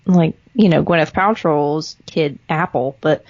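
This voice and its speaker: A woman's voice: deep voice, a little slow, a little mellow, no echo. Female podcast co-host, blunt and sweary, dry lo-fi mic. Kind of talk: casual chat.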